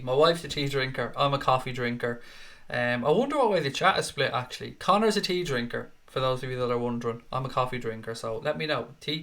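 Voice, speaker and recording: Reading comments from viewers on his casual live stream, this middle-aged host has a mid-range, slightly bright voice. Profanity flows freely as he rants in mock indignation.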